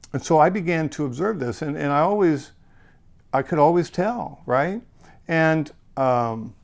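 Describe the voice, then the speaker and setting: Middle-aged man with a gravelly voice, telling his faith story earnestly with wry humor. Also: mid-range voice, a little mellow. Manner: earnest, emotional storytelling with self-deprecating humor. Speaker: Christian speaker sharing a testimony. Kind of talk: personal testimony storytelling.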